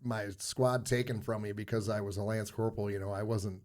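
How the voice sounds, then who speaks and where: A man telling a story in casual conversation, with many pauses, restarts and fillers. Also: lowish voice, steady tone, darkish tone. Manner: rambling, filler-heavy anecdote telling. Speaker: podcast guest, former Marine.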